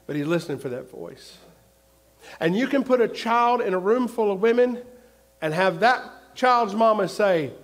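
High-voiced preacher man. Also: lively intonation, a little slow. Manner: emphatic preaching with repetition, swinging between loud and hushed. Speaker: pastor. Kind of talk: sermon.

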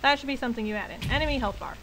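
A woman casually commenting while playing a video game, joking, swearing and shouting at enemies. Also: fairly high pitch, expressive, rapid-fire, noisy background. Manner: playful, swearing, voicing game characters. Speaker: game streamer. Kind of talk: gameplay commentary.

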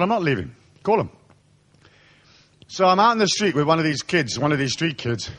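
A man giving a live motivational talk to an audience, telling stories with lots of swearing and acting out the voices of the people in them. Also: medium pitch. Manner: animated storyteller, swears freely and acts out quoted voices. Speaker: spiritual seminar speaker. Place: seminar hall.

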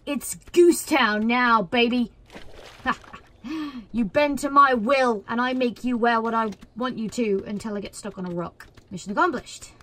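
A woman commentating her own gameplay in an excitable way, cheering, shouting and laughing at the screen. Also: on the high side, a little slow. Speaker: gaming video creator. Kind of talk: let's play commentary.

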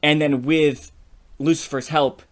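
A man co-hosting a podcast, chatting casually as he brainstorms a story. He is animated, laughs often and keeps checking in with "you know what I mean". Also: a little high, a little slow. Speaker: podcast co-host. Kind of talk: casual creative brainstorming chat.

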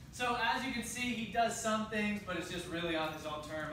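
A man's voice: flat delivery, a little fast, few pauses. A man who trains dogs, talking casually to the camera with a friendly manner. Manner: friendly, praises dog in high sing-song bursts. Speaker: dog trainer. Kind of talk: casual video talk. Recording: echoey, far from mic, noisy background.

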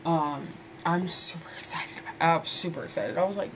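A woman in her twenties vlogs to camera in a whisper, her voice on the low side and her pace normal. She chats casually, rambling and laughing, and calls her viewers "ladies."

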